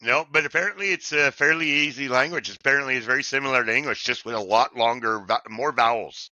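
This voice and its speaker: A man's voice: medium pitch, fast talker, sharp tone, no echo. A middle-aged man co-hosting a podcast, chatting casually and jokingly about recovery. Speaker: podcast co-host.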